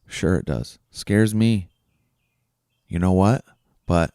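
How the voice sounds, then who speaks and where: A man's voice: sits low, slow, pauses often, mellow, smooth, no echo, studio quality. A man hosting a podcast, giving an earnest, coaching self-help monologue full of questions, frank and given to casual swearing. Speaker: podcast host.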